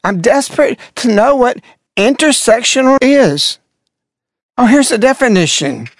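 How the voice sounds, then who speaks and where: Slow, sarcastic older man commentating. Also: very high voice, lively intonation, dry recording, clean studio sound. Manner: sarcastic, mocking. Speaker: religious broadcaster. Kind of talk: commentary on played clips.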